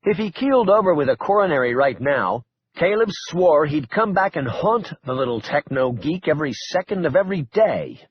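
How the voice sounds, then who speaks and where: A man's voice: fairly high pitch, lively intonation, moderate pace, slightly rough, no room sound, dull audio. A man narrating an audiobook thriller in a wry, dramatic storytelling manner. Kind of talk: scripted narration.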